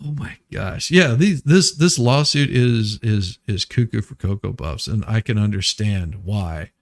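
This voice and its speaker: A man's voice: on the low side, unhurried. A man hosting a casual news commentary stream, rambling and restarting his sentences as he laughs at absurd claims. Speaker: host.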